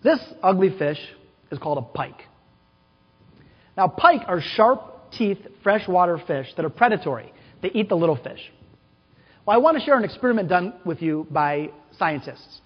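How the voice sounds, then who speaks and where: A man's voice: sits high, expressive, moderate pace, husky. A man giving a conference keynote, telling stories with quoted voices and questions to the audience. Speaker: keynote speaker. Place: large conference hall. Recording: dull, hall-echoed conference recording.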